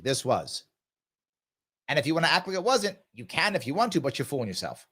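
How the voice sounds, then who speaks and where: A man's voice: fairly high pitch, sing-song, moderate pace, a bit bright, slightly rough. A man hosting a live ask-me-anything show, answering viewer comments and telling a travel story in an emphatic, conversational way. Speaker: livestream show host.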